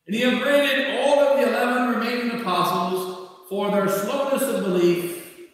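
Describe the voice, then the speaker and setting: A man preaching a sermon as a bishop, slow and emphatic, rising and dropping his voice. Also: very high-pitched. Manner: slow, emphatic preaching with sudden rises and drops. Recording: echoey church from far off.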